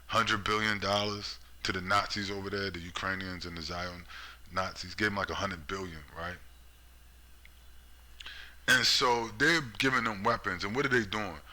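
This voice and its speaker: A man with a lowish voice and a very sharp, tense edge, ranting in vlog-style commentary. He is sarcastic and profane and keeps firing rhetorical questions at the listener. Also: normal speed, low-quality recording. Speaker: political commentator.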